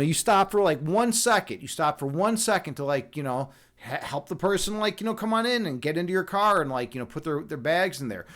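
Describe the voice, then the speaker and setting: A man's voice: on the high side, fairly bright tone. A man hosting a live stream from his home setup, talking in a rambling, jokey way with many restarts. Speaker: livestream host, chess instructor and meditation guide. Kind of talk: casual live-stream chat.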